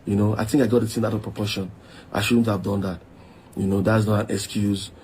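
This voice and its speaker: A low-voiced man speaks hesitantly in an apology video, pausing often on fillers. Faint noise can be heard behind him. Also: little pitch movement, a little mellow.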